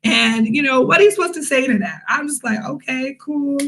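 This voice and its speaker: Bright, chatty young woman telling a story. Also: high-pitched, fast, gravelly, rough recording. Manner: chatty and animated, many fillers and asides to viewers. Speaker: vlogger, English teacher in Korea. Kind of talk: casual storytime.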